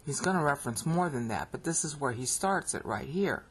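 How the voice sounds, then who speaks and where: The voice is medium-pitched and animated, a little fast, with a breathy edge. It belongs to an American Bible teacher narrating a screen recording and repeatedly asking "okay?" while explaining.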